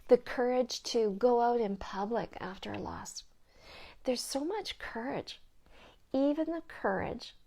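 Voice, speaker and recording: A middle-aged woman giving a gentle talk on coping with grief as a grief support counselor, soft-spoken and often dropping to a hushed whisper. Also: mid-range voice, gravelly.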